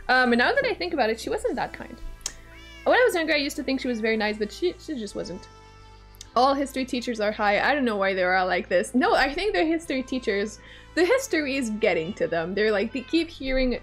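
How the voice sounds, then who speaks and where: A woman livestreamer chatting casually while she plays a game, talking bluntly and swearing now and then. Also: on the high side. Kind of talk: casual chat while gaming.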